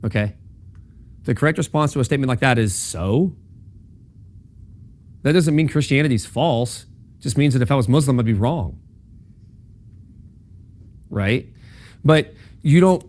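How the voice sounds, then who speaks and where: A man's voice: mid-range voice, lively intonation, normal speed, long pauses, a little mellow. A young man giving a casual classroom lecture on logic, talking conversationally with lots of ums and okays and checking in with his listeners. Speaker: campus ministry speaker teaching logic.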